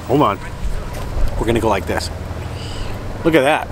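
A man's voice: medium pitch, lively intonation, moderate pace. A man rambling casually through a food review with jokey asides, sitting outdoors by the water and filming on a hand-held camera. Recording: outdoor traffic and vehicle noise.

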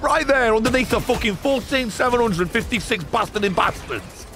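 A man streaming a co-op shooter with friends, swearing, shouting and ranting in exasperation. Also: very high voice, lively intonation, moderate pace, gravelly. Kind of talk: loud excitable gaming banter. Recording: game music behind.

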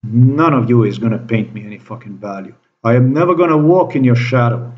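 A man's voice: medium pitch, expressive, fairly quick. A man delivering a profane, accusing monologue to camera, repeating his phrases as he rants. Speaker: vlogger. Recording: dull lo-fi recording.

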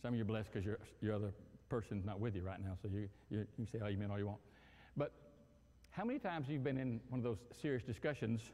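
A male pastor preaching a sermon in an animated, humorous way, acting out everyday scenes. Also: on the low side, fast, in a large hall. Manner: animated, acts out quarrels and phone calls with humor.

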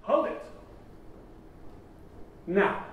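A man leading a conference audience through an energetic voice warm-up, coaxing and theatrical, laughing often. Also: drawn-out words, phone-quality sound, a little hiss or hum. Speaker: plenary speaker leading a voice warm-up. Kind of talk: leading a group vocal exercise at a conference. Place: large conference hall. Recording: very echoey hall, mic far off.

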